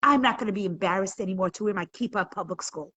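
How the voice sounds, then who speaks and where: Talking fast in a medium-pitched, fairly bright tone, a woman runs a live online class with real passion, climbing toward emphatic high points. Strong feeling sometimes makes her stumble and repeat herself. The recording quality is low.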